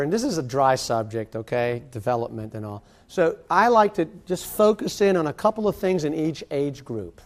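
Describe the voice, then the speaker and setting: A man's voice: a little high, darkish tone. A man giving a classroom lecture in a conversational way, with joking asides and gestures.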